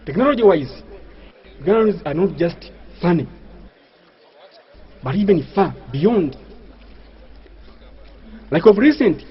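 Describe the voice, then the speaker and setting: A man's voice: high voice, expressive, slow pace, pauses often, husky. A man doing a stand-up comedy routine, with a mock-pompous manner and grand words, over audience laughter. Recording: dull lo-fi live recording.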